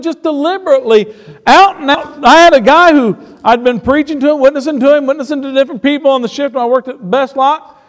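A man preaching a sermon, shifting between quiet storytelling and emphatic points. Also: extremely high pitch. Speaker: pastor. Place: church sanctuary. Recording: long reverb of a church hall.

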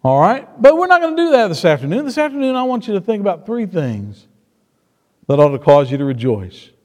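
A man preaching a sermon, shifting between quiet storytelling and emphatic points. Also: high-pitched, sing-song, fairly quick. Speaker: pastor. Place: church sanctuary. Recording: long reverb of a church hall.

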